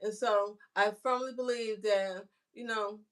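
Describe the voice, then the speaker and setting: A woman's voice: mid-range voice, fairly even intonation, measured pace, a bit bright. A woman talking casually to her viewers about faith and life. She rambles and searches for words, often with "you know" and "right?", and speaks to the viewer directly. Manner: homespun, chatty, addresses viewer directly. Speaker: vlogger.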